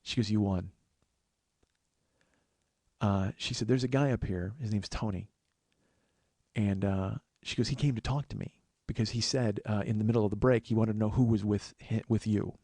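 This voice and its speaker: Rambling casually through a long personal tale, a podcast host keeps restarting and acting out what others told him. He speaks a little fast in a lowish, mellow voice with fairly even intonation, and there is no room sound.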